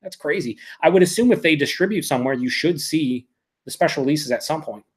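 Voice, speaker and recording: A man doing a live beer review, talking excitably and swearing a lot as he reacts to each sip. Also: on the high side, brisk. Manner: excitable, profane, emphatic.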